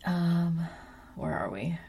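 A woman's voice: fairly low pitch, lively intonation, slow pace, dark tone, slight background noise. A woman recapping a TV episode in a chatty, casual way, full of ums and wry asides. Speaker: episode reviewer.

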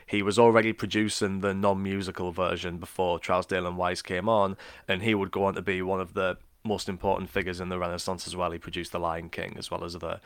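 A man with a low, resonant voice walks through film history for a podcast. He keeps it casual and informative, dropping jokes along the way. The sound is dry and close to the mic. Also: level tone, fast talker, dry recording. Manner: informative, jokey, laughs often. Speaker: podcast co-host.

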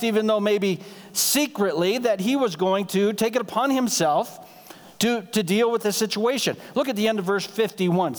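A man preaching as pastor, in a conversational sermon style that slips briefly into acted-out dialogue. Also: sits high. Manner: conversational, acts out quick dialogue lines. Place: church sanctuary. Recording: long hall reverb.

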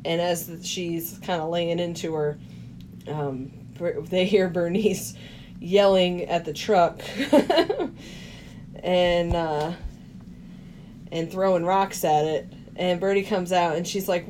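A woman with a lowish, warm voice speaks slowly, with a slight hiss or hum in the recording. She co-hosts a casual podcast, recapping movie scenes and acting out the characters' lines while laughing often.

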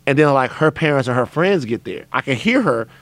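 Male podcast host, mid-pitched, laid-back storyteller, dry close mic. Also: fairly quick, no room sound. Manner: relaxed storytelling, frequent short affirmations. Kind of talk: casual interview talk.

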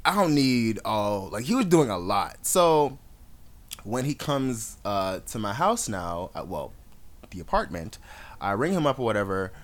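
Animated guy co-hosting a podcast, lively voice going up and down, acts out every quote. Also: on the low side, unhurried. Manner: animated, dramatic storyteller acting out quotes. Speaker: podcast co-host. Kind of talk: casual storytelling chat.

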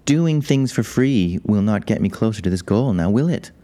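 A man hosts an informal chat with wry, self-mocking asides. His voice is very deep and dark in tone, yet his pitch moves about animatedly. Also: animated, moderate pace. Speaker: podcast host. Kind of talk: casual chat and monologue.

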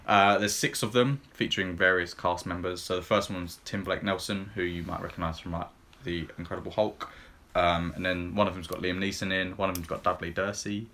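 A man's voice: low voice, a little fast, a little hiss or hum. A man co-hosting a podcast, reviewing films in casual chat and retelling scenes in a rambling way, full of ums and likes. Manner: rambling and filler-heavy, lots of ums and likes; relaxed, retelling film scenes in plain everyday talk.

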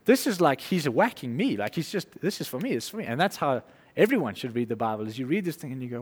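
A man preaching an informal sermon, conversational and animated, acting out little quotes and laughing as he goes. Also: medium pitch, fast talker, husky, in a large hall.

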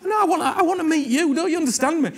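Preaching fast in a very high-pitched voice, this man is earnest and animated. He circles back over his points and often checks whether he's being understood.

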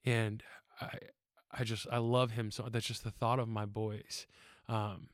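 A young man giving a casual church testimony about his wife and sons, earnest and halting, with many fillers and restarts. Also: fairly low pitch, level tone, dry recording, clean studio sound. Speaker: church member sharing testimony.

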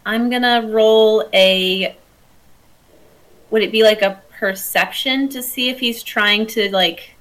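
A woman's voice: on the high side, fairly even intonation, slow, fairly bright tone, poor audio. A woman player in a tabletop game, talking hesitantly with many fillers. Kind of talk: tabletop role-play chat.

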